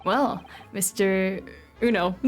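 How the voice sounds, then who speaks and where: Woman doing a pompous older British judge, put-on British accent, slow grand delivery, fairly high voice, soft game music behind. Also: very animated, exaggerated voice. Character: stately older male British chief justice, imposing.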